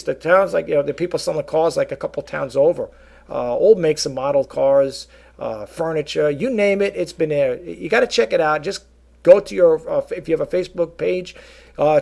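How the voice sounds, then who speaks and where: A man's voice: on the high side, vocal fry, a little mellow. A middle-aged man rambling casually to his viewers, full of fillers and asides, calling them folks. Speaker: vlogger and eBay reseller. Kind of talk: casual rambling talk to camera.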